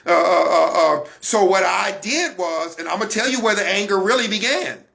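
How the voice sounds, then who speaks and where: High, bright-voiced man preaching. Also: normal speed, vocal fry. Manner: emphatic, repetitive, coaching the listeners. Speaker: broadcast minister. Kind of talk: Christian teaching talk.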